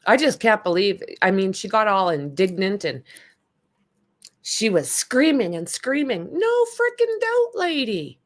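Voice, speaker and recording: A woman hosts a livestream and talks her viewers through the day's events in a casual way. Her delivery is slow and deliberate, and her pitch sits in the middle of the range. Her reactions are blunt and indignant, and she answers the chat as she goes. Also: expressive. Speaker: livestream host.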